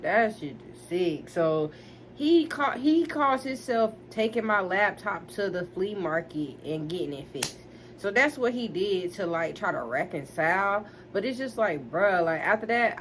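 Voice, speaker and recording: A woman in her twenties tells a storytime vlog, animated and emphatic, talking straight to her viewers. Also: medium pitch, slight background noise. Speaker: vlogger.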